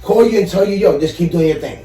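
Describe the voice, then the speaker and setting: A man with a high, mellow voice speaks quickly as a podcast guest, earnestly sharing a personal story in relaxed conversation and saying "you know" a lot. He's a collector and YouTuber. The room is echoey, he sits far from the mic, and faint music plays.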